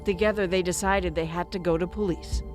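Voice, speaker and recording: Woman doing news narration, steady and serious, music playing under her. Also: fairly low pitch. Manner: measured, serious delivery. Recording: voice-over with music bed.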